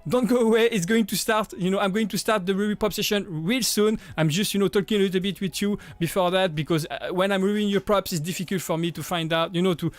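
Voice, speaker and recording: A man in his thirties with a French accent, hosting a livestream and chatting casually with viewers, friendly and upbeat, halting with many restarts and repeated words. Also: sits high, fairly even intonation, no room sound, faint music behind. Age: 30s. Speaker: livestream host.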